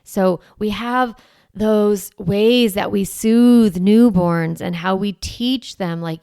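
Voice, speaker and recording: A woman in her forties hosts a parenting podcast in a chatty, coaching tone. Her voice carries a gravelly fry at the ends of phrases. The sound is close and dry, with no room around it. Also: medium pitch, slow pace, warm tone, dry recording. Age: 40s. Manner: conversational and reassuring, often asking "right?". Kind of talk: solo podcast teaching.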